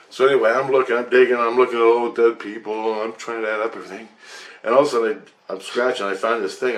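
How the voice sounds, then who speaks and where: A man telling a rambling, excitable personal story to his viewers, with frequent swearing. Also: fairly low pitch. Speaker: vlogger.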